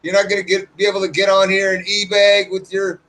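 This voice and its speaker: Brief: high-pitched guy ranting to his channel, swears freely, rambles. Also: completely flat delivery, brisk, a bit bright, poor audio. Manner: rambling, profane, restarts sentences. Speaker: YouTuber. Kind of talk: casual rant to viewers.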